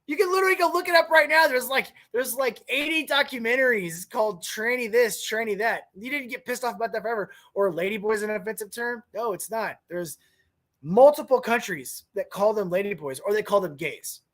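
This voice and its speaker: Here a man hosting a podcast delivers a blunt, casual opinion rant, crude and swearing freely. He speaks fairly quickly in a high, fairly bright voice.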